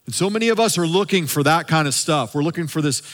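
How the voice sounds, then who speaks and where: A man preaching a sermon in a slightly higher voice. He swings from emphatic lines down to a quiet hush to make a point. His words ring with a long reverb, as in a large hall. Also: animated, fast talker. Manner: preaching with dramatic drops to a soft hush. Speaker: lead pastor.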